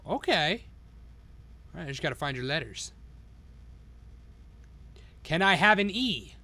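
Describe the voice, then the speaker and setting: Wildly animated, profane male game streamer. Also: on the high side, measured pace. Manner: excitable, swears constantly, talks to himself. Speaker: live streamer. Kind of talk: live-stream gameplay commentary.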